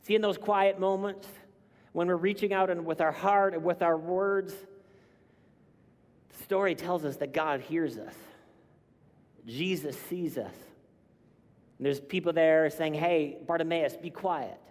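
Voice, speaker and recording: A man preaching a sermon, emphatic and building to loud cries on key lines. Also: on the high side, a little slow, long pauses. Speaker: pastor. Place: church sanctuary. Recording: long hall reverb.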